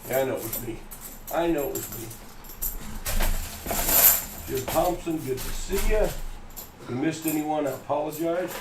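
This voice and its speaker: A man's voice: fairly high pitch, measured pace, pauses often. Folksy middle-aged man chatting on a livestream. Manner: chatty, folksy, laughs at his own jokes. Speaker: coin hunting livestream host. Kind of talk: casual live-stream chat. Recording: echoey room, from far off, noisy.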